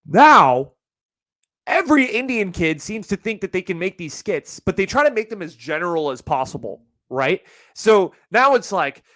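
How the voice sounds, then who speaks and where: A man's voice: high-pitched, big pitch swings, normal speed, fairly bright tone, no room sound, studio quality. Profane young man ranting on a podcast. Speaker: podcast host. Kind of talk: solo casual podcast rant.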